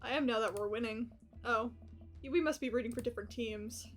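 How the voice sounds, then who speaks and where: Woman reading as a gruff rugged bar dad from a dating game, curt and terse, high-pitched reading voice, faint music underneath. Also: a little fast, lightly acted. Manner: curt, terse lines read aloud.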